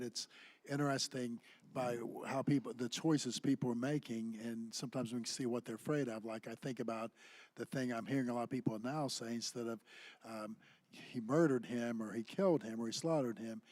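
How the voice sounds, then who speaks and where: A man's voice: mid-range voice, fairly even intonation, darkish tone, no echo. Thoughtful man chiming in, dry sound. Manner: thoughtful, hesitant, with pauses and fillers. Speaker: class participant. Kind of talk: casual remarks in a class discussion.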